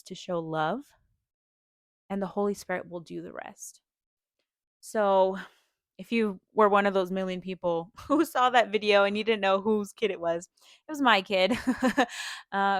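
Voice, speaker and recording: A young woman talks through a personal story on her podcast in an open, emotional way, often breaking into a light laugh. Her speech is loose and chatty, with lots of "like" and "um". Her voice sits at an ordinary pitch for a woman and sounds close and dry. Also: no room sound. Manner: chatty, with many "like" and "um" fillers and frequent small laughs; earnest and openly emotional. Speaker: podcast host.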